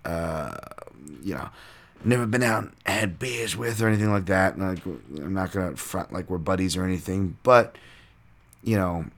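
A man's voice: sits low, fairly bright tone. A man hosting a podcast, casually breaking down fight results in a loose, rambling way with lots of fillers and swearing. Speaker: podcast host and fight analyst.

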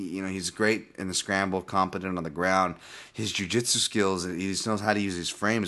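Deep-voiced man rambling through fight picks. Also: a bit bright. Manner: rambling, profane, many fillers and restarts. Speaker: podcast host and fight analyst. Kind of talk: casual podcast breakdown.

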